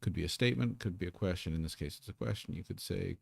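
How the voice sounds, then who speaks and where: A man teaching a live online Korean lesson, patiently explaining and sounding out syllables slowly. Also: sits low, creaky, husky, no room sound.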